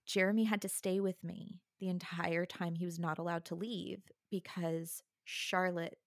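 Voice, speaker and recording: A woman's voice: lowish voice, unhurried, dry recording, clean studio sound. A woman recounting a personal story in casual conversation as an interview guest, bringing the people she quotes to life. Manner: animated, acts out the other people she quotes.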